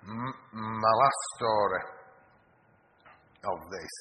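A man preaching a sermon, telling stories and swinging between loud urgency and hushed tones. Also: fairly low pitch, extremely slow. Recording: long hall reverb with background noise.

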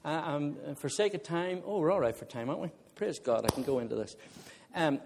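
Lively, higher-voiced male preacher. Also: a little fast, creaky, noisy background. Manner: animated storyteller, often laughing, talks to the congregation directly. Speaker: visiting preacher. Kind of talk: sermon with humorous personal story.

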